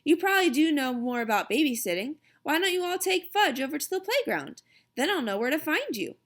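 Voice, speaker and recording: A woman's voice: high-pitched, sing-song, fairly quick, voice pushed up. A woman voicing a flustered, doting mother who frets over her small son. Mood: fretful.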